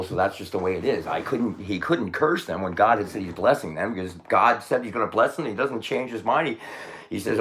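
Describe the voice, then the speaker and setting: A man delivering a rambling religious monologue. He swings from shouting to muttering and corrects himself as he tells the story. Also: fairly low pitch, a little hiss or hum.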